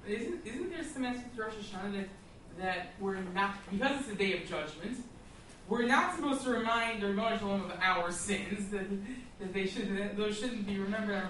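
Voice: mid-range voice, fairly quick, a bit bright, slight background noise. A student asking a hesitant question in class, restarting as they speak. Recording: distant and echoey in a room.

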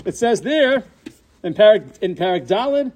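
Very animated and speaking at normal speed, a man with a high, slightly mellow voice teaches a Torah class. He raises questions, then answers them, peppering his English with Hebrew and Yiddish-style terms.

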